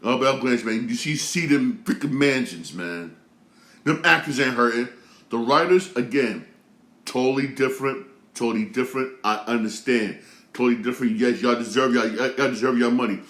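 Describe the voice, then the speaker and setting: A man's voice: mid-range voice, moderate pace, fairly bright tone, echoey room. A man in his thirties hosting his own show, ranting casually with lots of slang, repeats and restarts. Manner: repetitive, heated, slangy, many restarts. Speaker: show host. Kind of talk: casual rant commentary.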